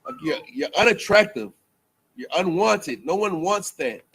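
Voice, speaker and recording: A man's voice: sits high, very animated, unhurried, fairly bright tone, breathy edge. A man giving a casual, rambling preaching talk to a group, full of slang and repeated phrases. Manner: rambling, repetitive, colloquial. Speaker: speaker in a group teaching session.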